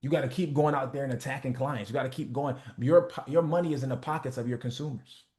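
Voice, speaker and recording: A man's voice: mid-range voice, steady tone, fast, darkish tone. A man hosting a motivation call, talking in a blunt, profane, preachy way and acting out the people he quotes. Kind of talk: casual motivational talk.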